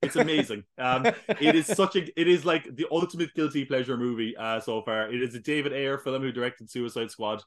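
A young man with a Cork Irish accent gushes about movies in a loose, rambling way, laughing often. His voice sits at an ordinary, middling pitch. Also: steady tone, brisk, few pauses. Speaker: podcast co-host. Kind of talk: casual film chat.

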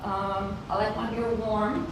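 A woman's voice: mid-range voice, flat delivery, takes it slowly. Hesitant woman doing stand-up in an echoey club. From England. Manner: hesitant, many ums, laughs at own jokes. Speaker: stand-up comedian. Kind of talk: stand-up routine. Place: comedy club stage. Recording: far-off mic in a noisy, echoey club. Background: audience laughter.

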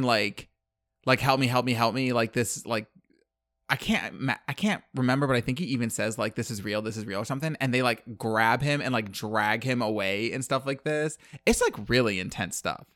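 A man's voice: mid-range voice, fairly bright tone, no room sound, studio quality. A man telling a movie plot in casual chat, rambling with lots of fillers and acted-out quotes. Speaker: podcast co-host.

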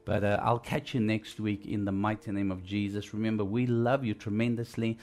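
A man preaching a broadcast sermon in a conversational way. He asks listeners questions and turns louder and higher when stressing a point. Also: flat delivery, brisk. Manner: frequent fillers and restarts.

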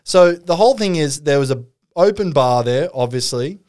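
Profane rambling man, smooth voice. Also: on the high side, animated, moderate pace, darkish tone. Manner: profane, rambling storyteller with frequent fillers. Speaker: podcast co-host telling a story. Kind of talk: casual chat.

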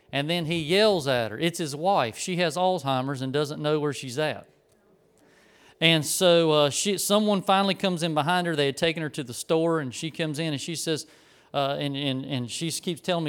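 A man's voice: a little high, normal speed, a bit bright, clear, resonant tone. A middle-aged man, preaching a conversational, folksy sermon and telling a story. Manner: rambling, folksy, self-correcting.

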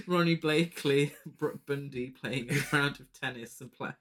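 A man co-hosting a podcast casually analyses a horror film in a slow, mid-range, fairly bright voice. He's giggly and opinionated, laughs often, and speeds up when arguing a point.

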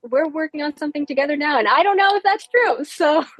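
A woman's voice: high voice, expressive, a little fast, no room sound. A woman book editor chatting on a podcast, explaining her editing process step by step. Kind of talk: casual podcast chat.

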